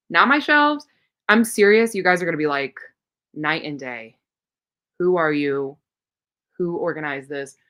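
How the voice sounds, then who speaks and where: A woman's voice: deep voice, fairly bright tone. A woman hosting a casual reading livestream, chatting and telling stories as she reads viewer comments aloud and answers them. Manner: tells rambling personal stories. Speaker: host of a reading sprint livestream.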